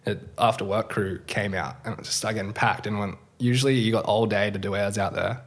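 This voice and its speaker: A man's voice: lowish voice, fairly even intonation, a little fast. A man, casually telling a surfing story in a laid-back way, swearing freely and acting out what people said. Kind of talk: casual chat.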